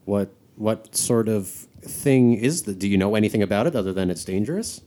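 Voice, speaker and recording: A man playing a tabletop game, asking quick, curious questions. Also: on the low side, animated, mellow. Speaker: player. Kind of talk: casual tabletop play.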